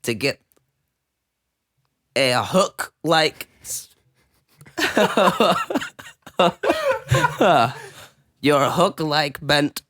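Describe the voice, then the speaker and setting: A man's voice: a little high, wildly swooping pitch, drawn-out words, long pauses, fairly bright tone, dry recording. A man co-hosting an improvised comedy chat, putting on an old-timey commoner accent that keeps drifting. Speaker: podcast co-host.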